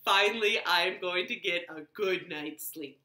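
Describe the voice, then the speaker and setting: A woman's voice: fairly low pitch, measured pace, bright, forceful tone. A woman voicing a tired, worried male tailor in a fretful storybook voice. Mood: hopeful. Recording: roomy living room echo.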